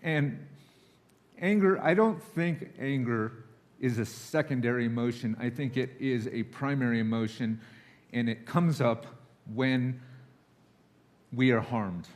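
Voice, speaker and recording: A man's voice: medium pitch, unhurried, pauses often. Male guest preacher, nervous but candid, confessional sermon delivery, acts out quoted voices. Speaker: guest speaker. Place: church sanctuary.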